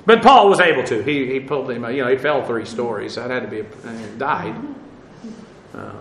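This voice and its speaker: A man's voice: medium pitch, brisk, fairly bright tone, reverberant, rough recording. A man teaching an informal Bible class in a conversational way, with many fillers and dry asides.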